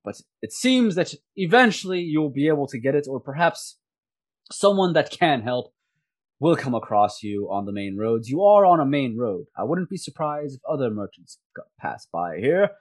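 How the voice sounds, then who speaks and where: A man's voice: medium pitch, sing-song, normal speed, voice pushed up. A man voicing a courteous, apologetic male hobgoblin soldier in a tabletop game. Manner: courteous, formal.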